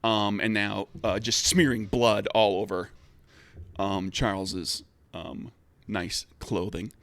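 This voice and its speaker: A man narrating as game master of a tabletop role-playing game, halting and full of fillers. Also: fairly low pitch, steady tone, a bit bright, dry recording.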